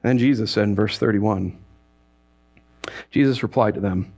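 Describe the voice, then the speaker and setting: A male pastor giving a conversational sermon, telling stories with self-mocking asides and dropping into quiet, earnest emphasis. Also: lowish voice, normal speed, creaky, long pauses.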